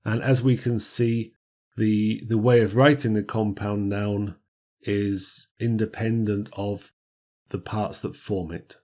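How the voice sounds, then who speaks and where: Slow, deliberate male English teacher. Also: on the low side, level tone, mellow. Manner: slow, deliberate, reads word lists with careful stress. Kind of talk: scripted grammar lesson.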